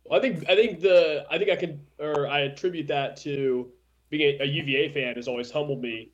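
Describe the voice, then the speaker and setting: A man's voice: a little high, a little fast. A man calling into a sports talk radio show over a video call, self-deprecating with dry humor. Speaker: remote co-host on a video call. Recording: dull video call audio.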